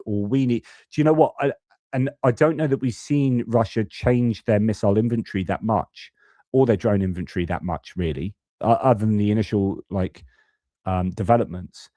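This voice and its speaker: A man's voice: lowish voice, moderate pace, warm tone, dry recording. A man hosting a live stream on war news, chatty and rambling, full of fillers and restarts. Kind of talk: casual live stream commentary.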